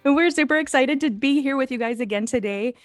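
A woman's voice: sits high, quick pace, no room sound, studio quality, soft background music. A woman in her forties co-hosting a casual faith podcast, chatty and laughing often, a little out of breath. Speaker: podcast co-host.

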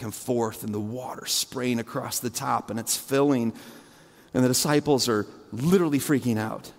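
A male pastor preaching a conversational sermon full of fillers, dropping to a hushed low voice and rising high again as he retells a scene. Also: normal speed, long reverb tail. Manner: conversational, imaginative storytelling with many fillers; swings between hushed low and raised high delivery.

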